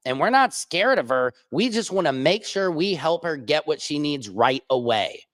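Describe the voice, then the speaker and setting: A man hosting a livestream and talking in a crude, rambling, profane way, with big swings in pitch. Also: expressive, normal speed, a bit bright, no echo, studio quality. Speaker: streamer host. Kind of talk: casual livestream monologue.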